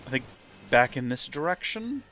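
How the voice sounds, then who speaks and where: Lively, chatty gamer. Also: male voice, medium pitch, normal speed, soft background music. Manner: chatty, joking, self-deprecating. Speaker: host, gamer. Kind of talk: live game commentary.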